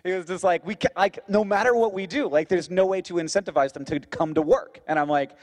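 An American man from Florida co-hosting a podcast in casual, animated chat, laughing often. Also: fast. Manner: animated, laughs often, swings into high exclaims. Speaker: podcast co-host.

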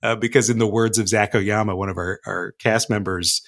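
A man's voice: on the low side, fairly even intonation, normal speed, fairly bright tone. A man on a podcast, chatting playfully about cowboy sayings and his actual play show, laughing often. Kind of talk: casual podcast chat.

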